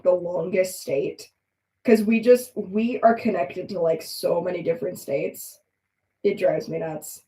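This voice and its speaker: A woman's voice: mid-range voice, dark tone, recorded from a distance. A young woman chatting casually and rambling with giggles while she draws on a live stream. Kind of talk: casual chat while drawing. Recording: echoey room, voice off-mic.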